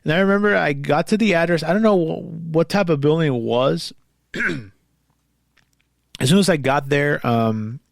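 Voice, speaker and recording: Brief: male host, gravelly voice, dry close sound, rambling casual commentary on posts he reads aloud. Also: a little high, moderate pace, no room sound. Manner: rambling and conversational. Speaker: podcast host.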